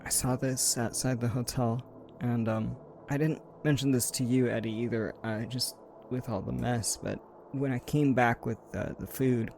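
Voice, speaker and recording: A man's voice: medium pitch, steady tone, moderate pace, vocal fry, background noise, lightly acted. A man voicing an inexperienced, nervous male psychiatrist who speaks hesitantly and stammers. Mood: uneasy.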